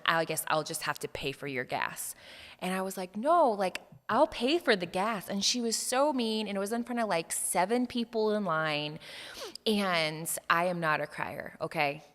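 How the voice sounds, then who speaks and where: A woman co-hosting a church podcast, telling a personal story in an animated, chatty way and speaking straight to her listeners. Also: fairly low pitch, big-room sound. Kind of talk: casual storytelling conversation.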